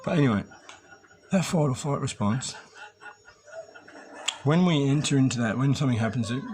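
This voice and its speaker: A man's voice: medium pitch, animated, moderate pace, darkish tone, a little hiss or hum. An Australian man giving a rambling, profane rant to his viewers, full of swearing and conspiratorial asides. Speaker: vlogger addressing preppers.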